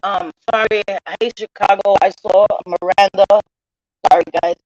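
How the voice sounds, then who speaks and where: An emotional woman vlogger speaks straight to her viewers, close to tears, pleading softly and then turning blunt and defiant. Her voice comes through a dull, lo-fi mic with a dry, close sound and no room echo. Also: medium pitch, fairly even intonation, measured pace. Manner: earnest, defensive, swings from soft pleading to blunt defiance. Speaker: vlogger addressing her channel. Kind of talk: emotional livestream apology.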